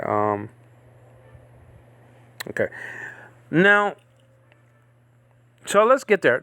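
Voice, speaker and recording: With no room sound, this man's mid-range voice carries vocal fry and a fairly bright tone. He is a Bible teacher leading a casual study session, wandering through his points with plenty of fillers and repeated "okay?" checks to the group.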